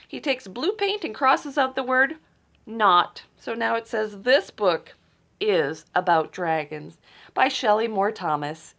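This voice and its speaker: A woman librarian reading a picture book aloud to children, playful and teasing, with dramatic gasps and hushed asides. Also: medium pitch, creaky.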